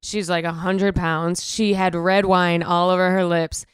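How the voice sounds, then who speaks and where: A woman in her thirties hosting a comedy podcast, telling stories fast in casual chat and slipping into playful impressions, with a bit of a morning voice. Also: lowish voice, level tone, smooth, dry recording. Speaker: podcast host.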